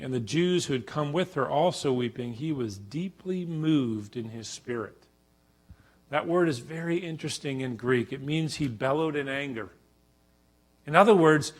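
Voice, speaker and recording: A middle-aged man delivers a Bible teaching talk in a somewhat high voice. He speaks with animation and breaks into loud bursts as he acts out quotes. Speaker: professor teaching a church conference session.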